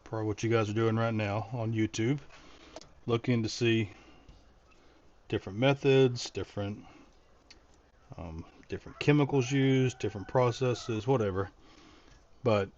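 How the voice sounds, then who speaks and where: A man's voice: lowish voice, unhurried, pauses often, darkish tone, dull audio, a little hiss or hum. A middle-aged man casually talking through a DIY project, thinking aloud and rambling with frequent restarts. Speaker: DIY vlogger.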